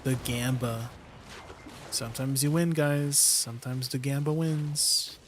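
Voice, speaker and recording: A man's voice: mid-range voice, fairly even intonation, takes it slowly, a little hiss or hum. Laid-back man chatting on a game stream. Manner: laid-back, chatty, greets viewers and answers chat. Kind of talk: casual live-stream chat.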